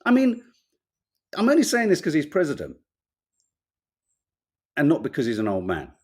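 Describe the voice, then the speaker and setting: Animated, swearing Englishman. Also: fairly high pitch, normal speed, breathy edge. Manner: animated, swearing, laughing, mock voices. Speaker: podcast co-host reading newspapers. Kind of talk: casual chat.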